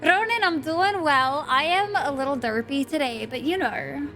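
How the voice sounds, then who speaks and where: A woman's voice: high voice, moderate pace, bright, forceful tone, soft background music. A woman streaming live, chatting with her viewers in a playful way, swearing freely and laughing often.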